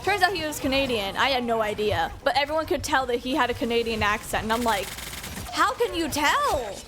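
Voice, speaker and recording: A woman's voice: a little high, animated, quick pace, noisy background. A young American woman streaming a game, chatting casually and rambling with lots of fillers. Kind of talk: casual chat while gaming.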